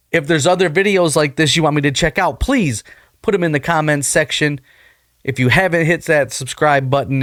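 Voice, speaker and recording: A man's voice: on the high side, a bit bright, no room sound, studio quality. Chatty American man hosting reactions. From United States. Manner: chatty, self-deprecating, trying out slang. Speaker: reaction video host. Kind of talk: casual reaction commentary.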